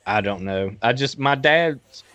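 A man from the United States chatting casually on a podcast, telling stories in an animated, jokey way. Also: mid-range voice, unhurried, dull audio. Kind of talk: casual chat.

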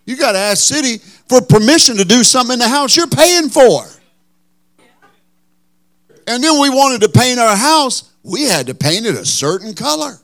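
A man's voice: very high-pitched, big pitch swings, normal speed, a bit bright. A man preaching a sermon as pastor, telling a folksy, joking story.

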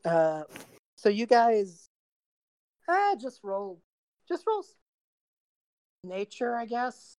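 A woman narrating a tabletop game as game master, relaxed and chatty, slightly losing her voice. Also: fairly high pitch, slow pace, long pauses, clean tone, dry recording. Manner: relaxed narration with frequent fillers and laughs.

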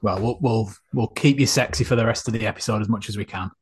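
A man's voice: on the low side, fast, breathy edge. A man co-hosting a podcast, chatting casually with dry, wry banter. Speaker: podcast co-host.

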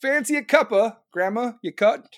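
A man's voice: extremely high pitch, moderate pace, a bit bright, no echo, clean studio sound, voice pushed up. A man playing a crude man taunting his grandma. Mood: mocking. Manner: cheeky, crude.

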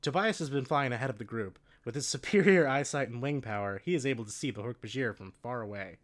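A man's voice: medium pitch, lively intonation, fast. Casting: a man reading a storybook aloud, casual and jokey. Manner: laughing, joking asides. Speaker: reader.

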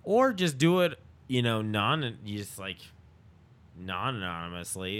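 A man's voice: fairly low pitch, lively intonation, unhurried, a bit bright, clean tone. A man co-hosting a casual comedy podcast, joking and reading a listener's letter aloud. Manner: joking, reads listener letters aloud, does silly voices. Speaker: podcast co-host.

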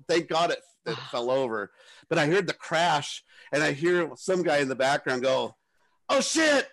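A man's voice: a little high, moderate pace, vocal fry, a bit bright, no room sound. A middle-aged man, a podcast co-host, telling a rambling story in casual chat. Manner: rambling, self-interrupting storyteller.

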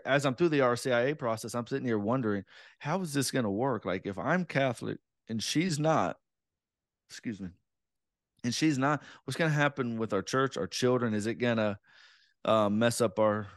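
A man in his thirties chats casually, mid-pitched and easygoing, with a self-deprecating storyteller's way of talking. The sound is dry and close, with no room around it. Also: animated, normal speed, a bit bright, no echo. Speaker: podcast guest. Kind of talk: casual conversation.

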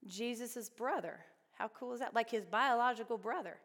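A woman's voice: a little high, normal speed, fairly bright tone. A woman teaching a Bible study class in a chatty way, often asking the group questions. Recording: long reverb of a hall.

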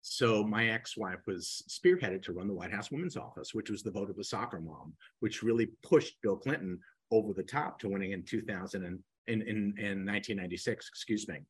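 A man's voice: fairly low pitch, brisk, hardly any pauses, breathy edge, low-quality recording. An older man, a guest real estate coach, telling his story in a podcast interview and acting out the people he quotes. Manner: animated storyteller who acts out quoted speakers.

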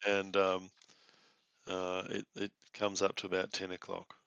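A man narrating as game master of a tabletop game in a loose, relaxed way. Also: deep voice, measured pace, vocal fry, clear, resonant tone, no room sound, highs cut off.

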